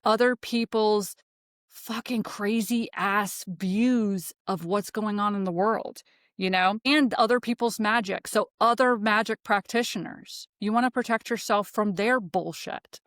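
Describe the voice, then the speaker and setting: A woman hosting her own podcast, talking casually and swearing a lot, fired up and ranting, then calming herself down. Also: fairly high pitch, no echo, studio quality. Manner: profane, animated, ranting then self-calming. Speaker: podcast host.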